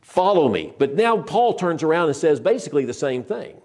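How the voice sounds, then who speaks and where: An older man preaching a sermon, earnest and emphatic, who slows down to stress scripture and often repeats and restarts his phrases. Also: on the high side, big pitch swings, a little mellow.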